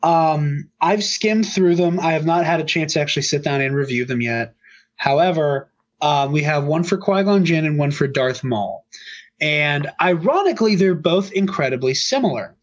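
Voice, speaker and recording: A man's voice: fairly high pitch, lively intonation, normal speed, lo-fi sound. A man co-hosting a casual podcast chat, talking upbeat and rambling with lots of fillers. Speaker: podcast co-host.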